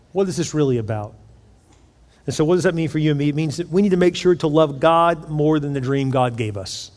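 A man preaching a sermon as pastor, swinging from loud to hushed and acting out quoted voices. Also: a little high. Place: church auditorium. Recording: long reverb in a large hall.

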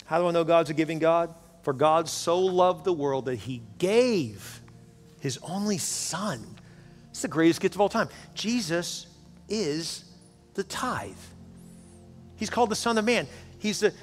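A man's voice: a little high, expressive, measured pace, soft background music. A male pastor preaching fervently to his congregation, often repeating words for emphasis. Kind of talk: sermon. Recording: long hall reverb.

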